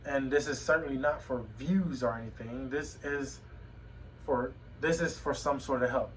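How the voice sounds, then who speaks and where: A young man talking to a phone camera at home in a personal vlog, emotional and halting, often repeating his words. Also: medium pitch, distant mic, poor audio. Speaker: vlogger. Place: home room.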